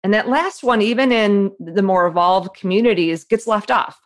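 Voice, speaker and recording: A woman in her forties, an author, telling her story in a lively, quick conversational way and acting out the voices she heard. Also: medium pitch. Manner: animated, quick storyteller who acts out her inner voice. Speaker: author and guest. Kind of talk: conversational interview.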